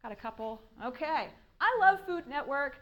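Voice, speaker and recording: A high-pitched woman speaks at a writing workshop, talking to a room of listeners. She is animated and laughs often, acting out the questions she describes. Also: moderate pace. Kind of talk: conference talk. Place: room with an audience.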